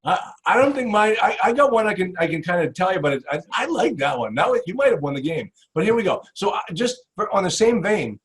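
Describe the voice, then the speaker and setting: Man, podcast host, enthusiastic, casual, somewhat higher voice. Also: sing-song, fairly quick, few pauses. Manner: enthusiastic, reacts with "wow" and laughs. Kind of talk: casual interview chat.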